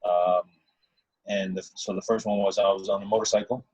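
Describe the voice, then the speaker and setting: A man with a low, husky voice recounts his own story in a casual, earnest ramble. He restarts sentences often and circles back on his points. The sound is dry and dull, like a lo-fi recording. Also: little pitch movement, a little fast, darkish tone, no room sound. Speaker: guest telling his story.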